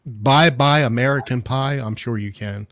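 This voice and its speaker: A man's voice: mid-range voice, normal speed, fairly bright tone. A man chatting casually as a guest on a music live stream, asking for song requests. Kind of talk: casual chat.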